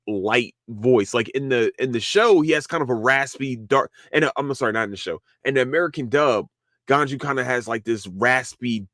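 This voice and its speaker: A man hosting a casual podcast, rambling excitedly about an anime he loves, swearing freely and tripping over repeated words. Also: on the high side, no echo, clean studio sound. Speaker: podcast host. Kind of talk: casual solo anime review.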